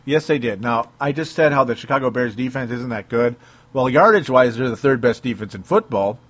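A man's voice: mid-range voice, expressive, a little fast, fairly bright tone. Man, sports talk host, casual, chuckling, reads comments aloud.

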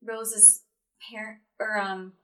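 A woman's voice: medium pitch, little pitch movement, takes it slowly, bright, forceful tone. An inquisitive woman chats casually in a book club. She asks questions and fills her talk with "like" and "um". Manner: inquisitive, frequent fillers. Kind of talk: casual chat.

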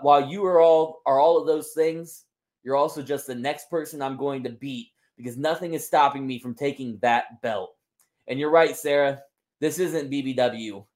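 A man's voice: a little high, voice pushed down, close to an everyday voice. Man doing a brash woman wrestler. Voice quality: loud, showy ring-announcer delivery. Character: brash Mexican woman wrestler cutting a promo. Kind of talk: wrestling promo role-play.

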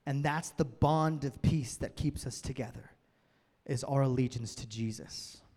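A man's voice: mid-range voice, unhurried, dark tone. A male pastor giving a sermon, conversational and building to emphatic peaks. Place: church hall with long reverb. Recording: reverberant hall sound.

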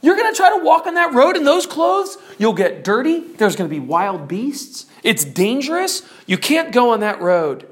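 A preacher voicing a smooth-talking worldly man in an allegory, coaxing and guilt-tripping in a lively, raised voice. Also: mid-range voice, measured pace, few pauses. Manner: coaxing, then sulky and scolding.

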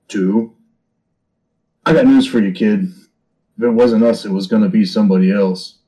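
Low, mellow-voiced tabletop player. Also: male voice, normal speed, low-quality recording. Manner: steady, reasoning, firm. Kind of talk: in-character tabletop game talk.

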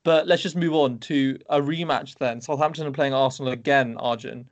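A young man hosting a casual football podcast, moving his panel along with brisk questions. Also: mid-range voice, steady tone. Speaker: podcast host.

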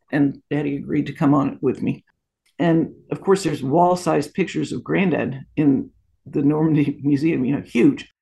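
A woman in her sixties recounting family memories in an interview. Her voice has a gravelly fry, and she tells stories with lots of asides and small laughs. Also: sits low. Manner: warm anecdotal storytelling with frequent laughs and asides. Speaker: guest. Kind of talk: storytelling interview.

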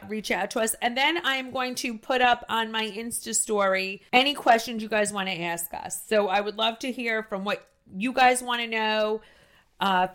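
A middle-aged woman with a New Jersey accent hosting a podcast, talking loudly and effusively with lots of restarts. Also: fairly high pitch. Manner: loud, gushing, trails into restarts. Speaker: podcast host. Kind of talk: casual podcast chat.

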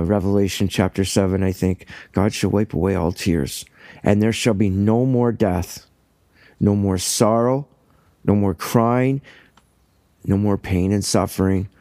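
A man's voice: fairly low pitch, mellow, no room sound, studio quality. A man teaching from the Bible in a casual, earnest way, reading verses aloud and then explaining them with enthusiasm. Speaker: preacher.

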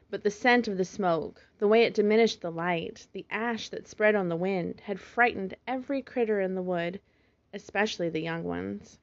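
A woman narrating a children's storybook in a steady, expressive read-aloud manner, in a slightly muffled recording. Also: fairly low pitch, dry recording.

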